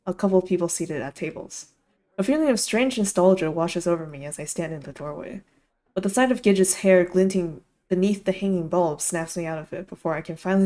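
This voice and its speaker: A woman's voice: on the low side, darkish tone. A young woman streamer reading a visual novel aloud, with giggly, rambling asides full of "like".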